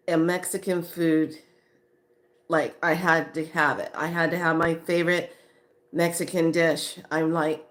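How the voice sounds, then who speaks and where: A woman vlogger telling a casual story in an animated way, acting out what people said and laughing often. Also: low-pitched, a little slow. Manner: animated, acts out quoted voices, laughs often.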